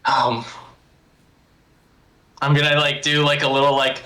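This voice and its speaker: A man's voice: mid-range voice, little pitch movement, measured pace, pauses often, pushed and bright, slight background noise. A man playing a tabletop game, brash and swearing, speaking animatedly in character. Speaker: player.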